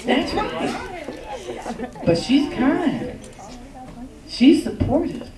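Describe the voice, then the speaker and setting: A woman giving a joking, lively talk on relationships at a church service, acting out little quotes as she goes. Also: high voice, very slow, crowd noise. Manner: animated, joking, acts out quotes. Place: church hall with congregation. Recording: echoey hall, mic from far off.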